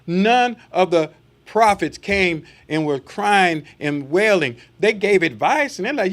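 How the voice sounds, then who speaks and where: Preaching a sermon, this man speaks in a high, animated, somewhat bright voice at a normal speed. He reads from scripture, then asks the congregation rhetorical questions, slipping into acted-out quoted voices as asides.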